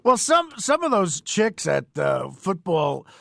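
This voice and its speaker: Gravelly-voiced male comic host, rambling. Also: high voice, wildly swooping pitch, slow pace, a bit bright, no echo, studio quality. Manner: rambling storyteller, laughs often. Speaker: radio co-host, comedian. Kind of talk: late-night radio banter.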